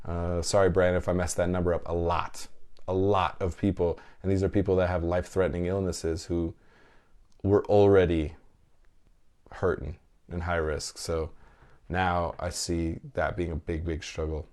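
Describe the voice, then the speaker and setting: A man's voice: low-pitched, little pitch movement, moderate pace, darkish tone. A man in his thirties hosting a podcast, chatting candidly and emotionally while reading listener comments, swearing freely. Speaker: podcast host. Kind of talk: casual live chat reading listener comments.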